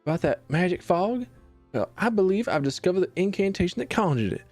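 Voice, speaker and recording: A man's voice: high voice, big pitch swings, brisk, a little mellow, no echo, soft background music, voice pushed up. A man voicing an earnest, determined young female witch while reading game dialogue aloud. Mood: eager.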